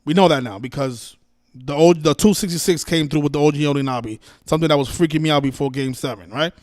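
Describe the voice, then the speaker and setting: Quick-paced and fairly high-pitched with a darkish tone, this livestream host delivers a ranting monologue, cursing at his viewers in exasperation while restarting and repeating himself. The sound is studio quality with no echo.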